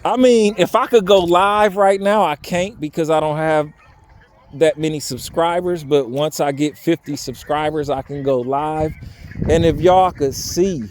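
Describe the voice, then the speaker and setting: A man's voice: a little high, unhurried, a little mellow, slight background noise. A young man talking candidly in a personal vlog outdoors, earnest and pleading, his voice unsteady from crying. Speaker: vlogger. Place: outdoors by a railroad bridge.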